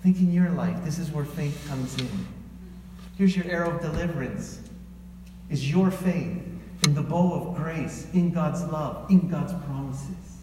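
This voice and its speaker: A high-pitched man delivers a lively sermon, slipping into quoted voices as he preaches. He is heard from a distance in a large church hall with long reverb, and a faint hum of the room sits behind him. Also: a little slow. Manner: animated, acts out quoted voices. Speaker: pastor. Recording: echoey hall from far off.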